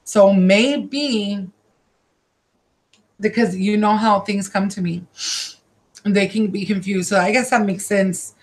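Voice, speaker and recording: Halting, emotional woman giving a psychic reading. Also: mid-range voice, steady tone. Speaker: psychic card reader. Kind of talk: live-streamed psychic reading. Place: her own room.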